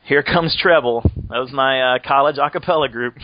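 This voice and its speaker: A man's voice: medium pitch, normal speed, no echo, lo-fi sound. A man hosting a podcast, chatting casually and joking around, laughing often as he rambles. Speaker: podcast host. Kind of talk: casual chat.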